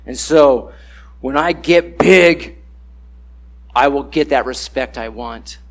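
A man's voice: medium pitch, slow. A man giving a casual, conversational sermon, acting out the voices he quotes.

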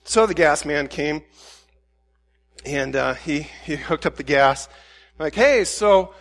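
A man preaching a sermon as a pastor, telling a self-deprecating everyday anecdote in an animated way, with frequent restarts. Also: a little high, measured pace, creaky, big-room sound. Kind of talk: storytelling sermon.

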